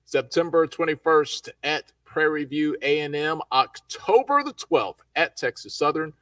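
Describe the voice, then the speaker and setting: A man hosting a live college football talk show, lively and folksy as he runs through the schedule. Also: on the high side, measured pace, no echo, far from the mic. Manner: lively, folksy, hypes teams. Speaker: show host.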